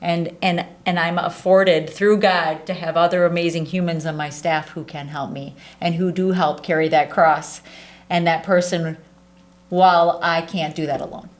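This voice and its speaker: A woman's voice: on the low side, fairly even intonation, normal speed. A woman in her forties speaking earnestly and from the heart in a casual interview, often saying "like" and "right". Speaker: charity staff leader.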